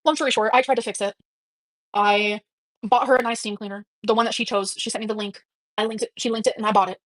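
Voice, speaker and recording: A young woman live streaming, talking fast and emotionally, swearing, with lots of fillers and restarts. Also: fairly high pitch, fairly even intonation, dry recording.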